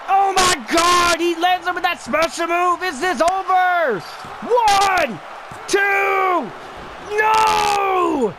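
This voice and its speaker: A man giving excited play-by-play commentary on a wrestling video game match, often shouting and exclaiming. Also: extremely high pitch. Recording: noticeable background noise.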